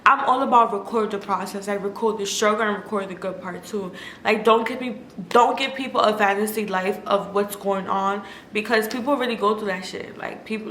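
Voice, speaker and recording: A young woman food vlogger with a mid-range, slightly bright voice tells a personal story, candid and emotional. She says "like" constantly and swears freely, and the room sounds echoey with faint noise.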